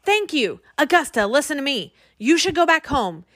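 A woman's voice: high-pitched, sing-song, moderate pace, fairly bright tone, dry recording, studio quality, voice pushed up. Woman doing earnest young boy Jack. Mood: pleading.

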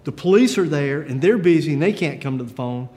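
A man's voice: a little high, animated, fairly quick, dark tone, lightly acted. A man playing a baffled phone caller. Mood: puzzled. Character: puzzled adult man caller, growing uneasy.

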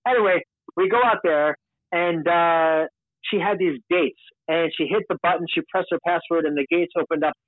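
A man's voice: a little high, moderate pace, no echo. A man from Long Island, a podcast guest telling a story in a candid, rambling way. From Long Island, New York. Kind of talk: casual storytelling. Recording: tinny, dry phone-like sound.

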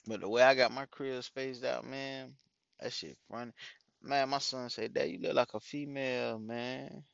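A man's voice: medium pitch, steady tone, moderate pace, gravelly, fairly bright tone, no echo, muffled recording. A middle-aged father rambles through casual stories for his followers, cussing freely and dropping "man" into almost every sentence. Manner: loose, rambling, profane, with many "man"s. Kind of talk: casual storytelling monologue.

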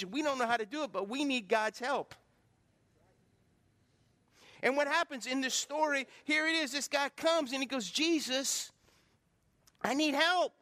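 A man's voice: extremely high pitch, pushed and bright. A man preaching a sermon as pastor, calling out questions to the congregation. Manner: preaching with call-and-response to congregation. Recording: long hall reverb from a church.

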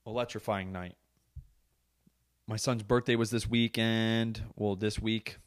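A man's voice: lowish voice, steady tone, measured pace, clear, resonant tone. A man in his thirties hosting a podcast, ranting casually in a rambling, profane, joking way. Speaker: podcast host. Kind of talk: casual rant. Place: podcast studio.

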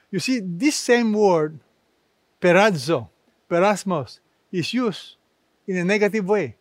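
A high-pitched man preaching a sermon in an unhurried, measured way. He lands each phrase with emphasis, and the sound is close and dry. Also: no room sound. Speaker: pastor.

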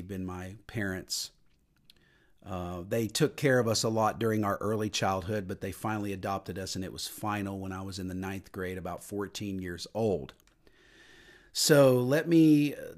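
A middle-aged man, a minister hosting a podcast, talking earnestly in a preaching manner, lifting his voice on scripture and dropping low for personal stories. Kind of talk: podcast sermon talk.

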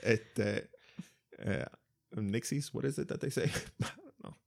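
A man's voice: mid-range voice, very animated, measured pace, vocal fry. A man, chatting in a laid-back way and slipping into Spanish. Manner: laid-back, mixes Spanish, laughs often. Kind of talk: casual chat.

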